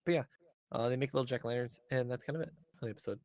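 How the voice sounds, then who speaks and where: A man's voice: mid-range voice, racing, a little mellow, no room sound. A man co-hosting a podcast, recapping an episode casually with many ums and uhs. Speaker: podcast co-host.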